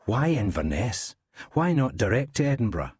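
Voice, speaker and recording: A man voicing a dogged, blunt detective inspector who presses with brisk questions. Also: medium pitch, big pitch swings, a little mellow, slightly rough, no room sound, studio quality, voice pushed up. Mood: probing.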